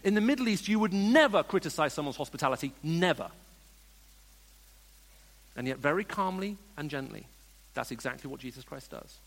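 A man preaching a sermon, slipping from hushed storytelling into emphatic, rising questions put to his listeners. His voice sits a little high for a man, and a long reverb from a large hall trails after each phrase. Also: big pitch swings, fairly quick.

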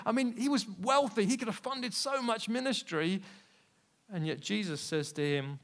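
A man preaching a sermon, telling personal stories candidly and swinging between quiet asides and loud, emphatic peaks. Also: sits high, animated, moderate pace. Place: church service.

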